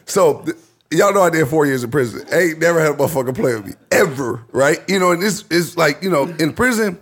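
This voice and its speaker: Male co-host, rapid talker, slightly high voice, blunt and preachy. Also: expressive. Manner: rapid, repeats "you know what I'm saying", frank and preachy. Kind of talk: casual storytelling chat.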